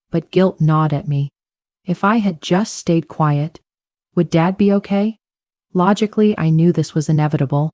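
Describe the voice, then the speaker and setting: A woman tells a dramatic first-person story in a low, mellow voice. The recording is dry and close, with no room sound. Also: moderate pace, no room sound. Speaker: narrator.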